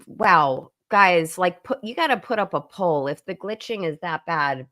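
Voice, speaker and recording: A woman's voice: fairly low pitch, expressive, a little slow, sharp tone. A woman lawyer joining a livestream as a guest by video call, talking in a chatty way and often restarting her sentences. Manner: chatty, thinks aloud with many restarts. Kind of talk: casual livestream chat.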